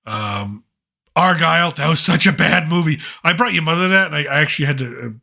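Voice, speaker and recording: A man's voice: a little high, lively intonation, brisk, gravelly, sharp tone. A middle-aged man hosting a casual chat, rambling and opinionated with plenty of fillers. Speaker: podcast host, father.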